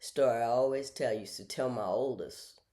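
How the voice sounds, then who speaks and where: A middle-aged woman hosting a casual storytelling monologue from home, animated and acting out other people's voices. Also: normal speed. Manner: animated, acts out others' voices with big jumps in pitch. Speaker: host.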